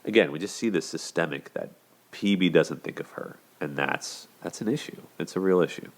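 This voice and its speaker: A low-voiced man hosts a show at a moderate pace, offering casual, conversational commentary on relationships. His talk is full of "you know" and "like" fillers, and he often restarts his sentences.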